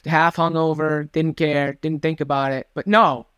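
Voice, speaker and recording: A man's voice: a little high, flat delivery, unhurried, a bit bright, smooth, dry recording, clean studio sound. A young man co-hosting a podcast, telling a rambling, self-deprecating story in casual chat. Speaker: podcast co-host.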